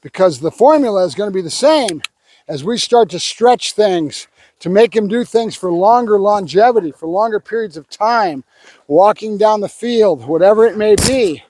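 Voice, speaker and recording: A man working as a dog trainer, calling short firm commands to a dog and calmly explaining his method as he trains. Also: high voice, moderate pace, slight background noise.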